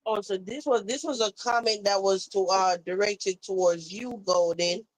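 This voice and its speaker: A woman's voice: mid-range voice, normal speed, rough recording. A woman hosting a casual live-stream chat, asking questions and recalling earlier remarks. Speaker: commentary show host.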